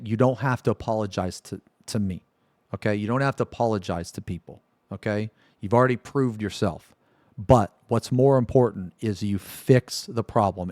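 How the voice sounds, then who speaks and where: A man with a medium-pitched, darkish voice streams live in clean studio sound with no echo. He rants emphatically, swears freely, and keeps checking in with his audience by asking "okay?"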